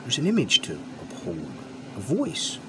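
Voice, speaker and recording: A slightly high, creaky male voice swoops wildly in pitch and takes its time, with background noise present. On his own channel, this product reviewer launches into an improvised rant at his audience. He stresses his points, says them again, and swears without restraint.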